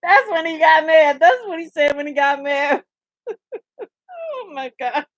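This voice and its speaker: A young woman hosting a casual live chat, animated and profane, laughing often and reading comments aloud. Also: high-pitched, measured pace, dry recording. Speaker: livestream host.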